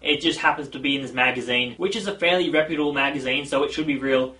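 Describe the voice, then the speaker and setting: A man's voice: mid-range voice, fast talker, sharp tone. A man hosting a casual gaming news vlog, chatty and full of self-mocking asides.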